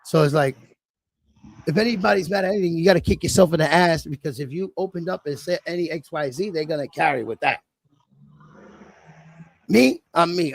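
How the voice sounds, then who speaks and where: Host type: middle-aged New man, high gravelly voice, blunt and profane, dry close sound. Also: no room sound. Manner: blunt, profane, animated storytelling. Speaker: livestream host. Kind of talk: casual chat.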